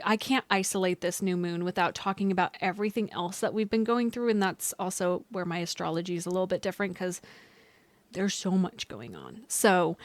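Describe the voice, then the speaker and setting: A woman's voice: medium pitch, no room sound. A young woman astrologer talking casually to her viewers, loose and chatty with many fillers and restarts. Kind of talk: casual astrology vlog talk.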